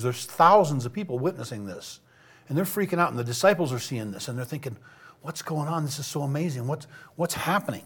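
A man preaching a sermon in a conversational way, stopping to restart phrases and acting out what people might have said. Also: medium pitch. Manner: conversational, acts out quoted voices, frequent restarts.

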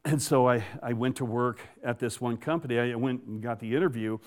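A man's voice: medium pitch, brisk. Chuckling, folksy male storyteller. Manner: chuckles often, restarts and repeats words. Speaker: guest telling a personal faith story. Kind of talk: casual spoken testimony.

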